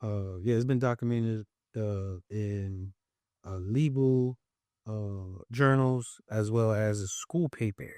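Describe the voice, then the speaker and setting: Young New York man, interview guest, mellow voice, dry close sound, lively storyteller. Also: fairly low pitch, takes it slowly, no room sound. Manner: animated, acts out quoted voices. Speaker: podcast guest. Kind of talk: casual storytelling.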